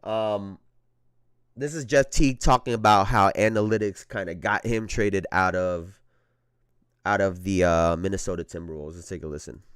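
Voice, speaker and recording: A man's voice: low-pitched, steady tone, normal speed, fairly bright tone, clear, resonant tone, no echo, clean studio sound. A man hosting a casual basketball talk show, talking in a slangy, conversational way and often repeating phrases. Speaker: podcast host.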